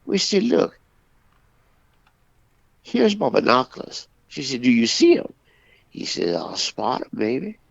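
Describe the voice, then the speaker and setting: Radio co-host, male, husky gravelly tone, lively up-and-down delivery, folksy joke teller, muffled lo-fi sound. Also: medium pitch, no room sound. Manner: folksy, drawn-out storytelling with character dialogue. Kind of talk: telling jokes on a talk radio show. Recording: dull, lo-fi dry radio recording.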